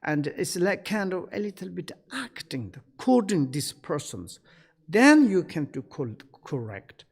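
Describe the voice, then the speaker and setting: A man giving a Buddhist teaching online, speaking halting English with many fillers and acting out bits of dialogue. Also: high-pitched, very animated, gravelly, darkish tone, husky.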